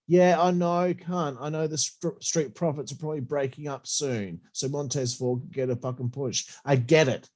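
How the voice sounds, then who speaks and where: A man's voice: fairly high pitch, steady tone, moderate pace, hardly any pauses, darkish tone. A man with a runny nose giving a blunt, profane, ranting review of a wrestling show. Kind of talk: casual opinionated review.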